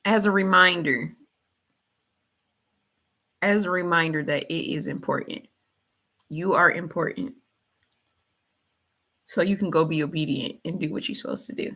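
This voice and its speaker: A woman's voice: lowish voice, sharp tone. A woman hosting a motivational faith talk, colloquial, preachy and repetitive. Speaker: host.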